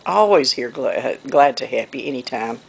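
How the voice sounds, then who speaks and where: Gravelly Southern woman chatting folksy. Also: extremely low pitch, expressive, normal speed. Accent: Southern US, North Carolina. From North Carolina. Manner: rambling and folksy, often trailing off with "okay, anyway". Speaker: quilting vlogger. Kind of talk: casual chat to camera while hand quilting.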